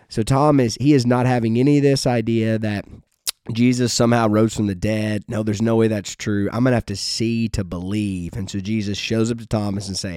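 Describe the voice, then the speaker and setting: A man's voice: fairly low pitch, fairly even intonation, normal speed, mellow, dry recording, studio quality. A man giving a casual devotional talk as a Bible teacher, earnest and emphatic in a conversational way.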